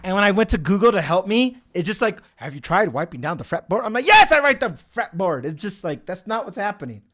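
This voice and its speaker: With a high, expressive, fairly bright voice and a quick pace, this young livestream host chats with his viewers. He reads the chat, rambles, curses and laughs a lot.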